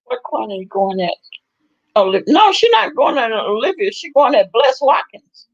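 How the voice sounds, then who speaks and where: Woman, host, casual gossip chat, very animated pitch, laughing reactions, muffled lo-fi sound. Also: moderate pace.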